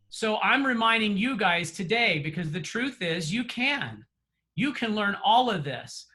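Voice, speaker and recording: A man with a high, bright voice speaks over a video call as a trainer wrapping up a class. He is earnest and encouraging, and he often restarts his sentences and fills pauses with "uh" and "you know.". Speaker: real estate trainer. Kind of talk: motivational closing remarks.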